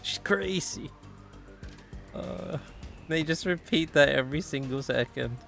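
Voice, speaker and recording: A man's voice: medium pitch, moderate pace, gravelly, fairly bright tone, soft background music. A man streaming a game, chatting casually, laughing a lot and repeating the game's lines. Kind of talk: casual gameplay commentary.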